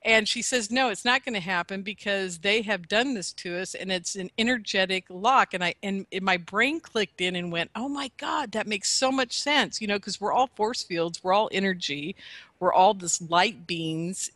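A woman casually telling a long personal story to a host, animated and chatty, laughing often. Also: mid-range voice, moderate pace, no room sound. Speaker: guest telling her story.

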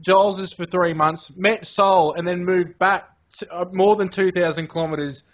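A man with a notably high speaking voice, hosting a casual interview. He rambles through his stories with easygoing slang. His tone is friendly and unpolished. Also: moderate pace. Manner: rambling storyteller, relaxed slang. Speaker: podcast host.

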